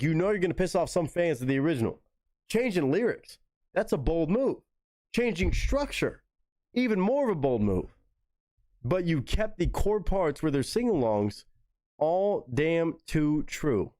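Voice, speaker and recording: A man hosting a live music reaction stream, chatting eagerly and swearing freely as he calls out viewers by name. His voice sits a bit high and swings widely in pitch. The sound is dry, with no room echo. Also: very animated, normal speed, a little mellow. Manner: enthusiastic, profane, addresses chat viewers by name. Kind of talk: casual reaction commentary.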